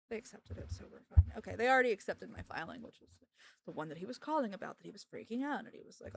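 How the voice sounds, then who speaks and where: A woman's voice: on the high side, expressive, fast talker, a little hiss or hum. A young woman streaming and chatting casually, ranting sarcastically and laughing often. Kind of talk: casual livestream chat.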